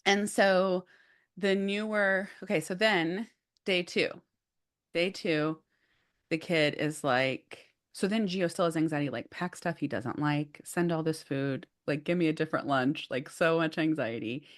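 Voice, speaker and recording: A woman with a low, deep-set voice tells a story in relaxed podcast chat. She is animated and expressive, scattering "like" throughout her sentences as she talks. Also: a little slow. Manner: animated, acts out quotes, says "like" often. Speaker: podcast co-host.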